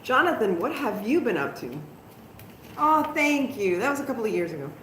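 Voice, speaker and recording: A woman's voice: a little high, very animated, a little fast, a bit bright. A middle-aged woman hosting a casual live crafting stream at home, chatting to viewers and laughing at her own mistakes. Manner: chatty, self-deprecating, talks to viewers. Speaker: crafting livestream host. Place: at home, moving outdoors. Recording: roomy home echo, faint background noise.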